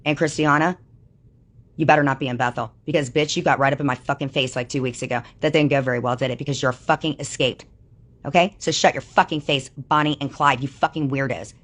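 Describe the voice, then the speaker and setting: A woman's voice: very deep voice, fairly even intonation, fast. A woman on a livestream delivering an angry, profanity-laden rant that calls people out. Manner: furious, swearing constantly, calling people out.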